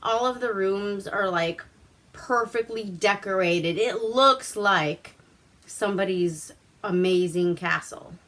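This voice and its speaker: Slow-talking, bright-voiced woman recapping a film. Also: mid-range voice. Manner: profane, chatty, acts out quotes. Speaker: vlog host reviewing a movie. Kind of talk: casual movie recap.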